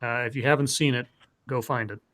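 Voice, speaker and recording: A man's voice: medium pitch, fairly even intonation, brisk, a bit bright. A man co-hosting a livestream, talking casually with fillers and repeated words. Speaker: stream co-host.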